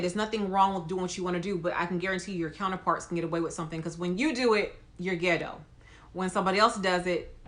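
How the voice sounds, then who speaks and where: A woman who works as a nurse, talking straight to her viewers in an emphatic, lively way. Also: medium pitch. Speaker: nurse and video host. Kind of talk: casual talk to camera.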